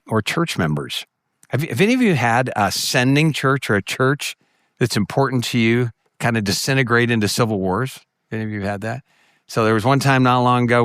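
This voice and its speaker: Storytelling male conference speaker, dry sound. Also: dry recording. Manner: storytelling, acts out quoted voices with jumps in pitch. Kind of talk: conference talk to ministry workers.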